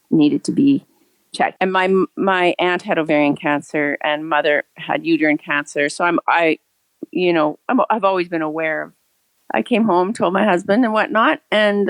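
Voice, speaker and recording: A woman's voice: fairly low pitch, creaky, no room sound. Earnest retired woman telling a story. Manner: earnest, rambling, laughs often. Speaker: caller sharing a story. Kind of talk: casual storytelling.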